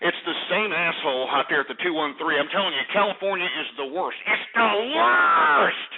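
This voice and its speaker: A man hosting a call-in radio show, ranting loudly and profanely at callers. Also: fairly high pitch, fast talker, slight background noise. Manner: loud, profane ranting with angry outbursts. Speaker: talk radio host. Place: radio studio in Texas. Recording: tinny phone-line sound.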